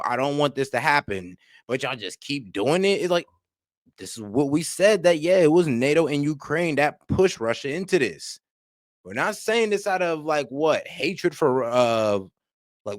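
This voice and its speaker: A man's voice: on the high side, no room sound. Slangy guy reacting, voice jumps all over, dry close mic. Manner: animated, slangy, rhetorical questions. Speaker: co-host reacting. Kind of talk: casual reaction chat.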